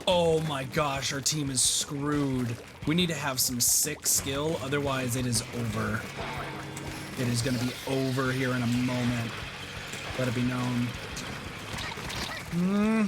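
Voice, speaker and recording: A young man giving live gameplay commentary, excitable and swearing as he reacts out loud, over game music. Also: mid-range voice, measured pace, very noisy. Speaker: streamer.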